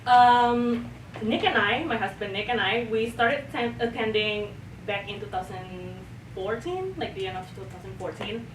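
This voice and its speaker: A woman guest on a church podcast, chatting about her work in a relaxed and friendly way. She is recorded from a distance in an echoey room. A steady noise runs behind her voice. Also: mid-range voice, normal speed. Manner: friendly, easygoing, with fillers. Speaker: church communications administrator, guest. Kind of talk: casual interview answers. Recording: roomy distant mic with noise.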